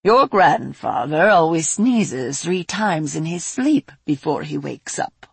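Brief: calm, knowing woman character, read by a woman, slow and even. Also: deep voice, gravelly, breathy edge, no echo, full character voice. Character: calm woman who tends the dragons.

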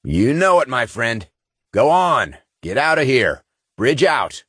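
A man voicing a stern male starship captain who barks gruff commands. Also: medium pitch, sing-song, takes it slowly, fairly bright tone, dry recording, clean studio sound, pitched above the performer's own voice, full character voice. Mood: commanding.

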